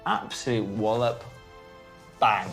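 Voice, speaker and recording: A man comedian retelling history in a jokey, animated way, slipping into voices. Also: lowish voice, takes it slowly, vocal fry, over music. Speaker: comedian storyteller.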